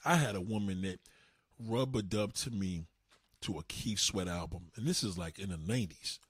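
A man hosting a livestream, ranting in a profane, animated way. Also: sits low, moderate pace, breathy edge, dry recording. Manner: profane, animated, swinging delivery. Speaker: livestream host. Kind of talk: ranting comedic commentary.

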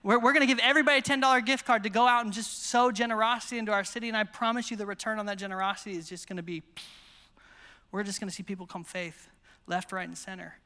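A man's voice: high-pitched, fast, in a large hall. A man preaching at a conference, telling stories energetically and acting out quotes. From United States. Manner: energetic, storytelling with acted quotes. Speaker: pastor. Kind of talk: sermon storytelling. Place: conference hall.

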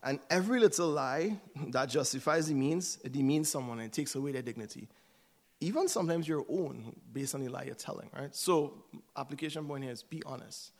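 A man's voice: a little high, animated, brisk, a little mellow. A man giving a sermon in a conversational way, often checking in with "right?". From United States. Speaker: church speaker.

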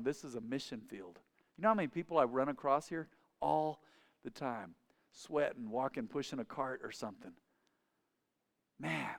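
Preaching man with a smooth voice. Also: mid-range voice, in a large hall. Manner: conversational preaching with storytelling and dialogue. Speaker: pastor. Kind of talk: sermon.

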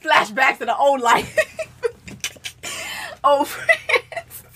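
A woman co-hosting a podcast, telling a profane story in casual chat and getting more animated and loud. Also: sits high, very slow, slight background noise. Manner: animated, profane, rising to shouting as she relives anger.

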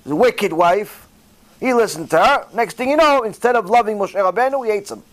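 A man's voice: high-pitched, a little fast. A man giving a sermon as a rabbi, preaching directly to his listeners and acting out little dialogues as he goes. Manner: animated storytelling, acting out dialogue in different voices.

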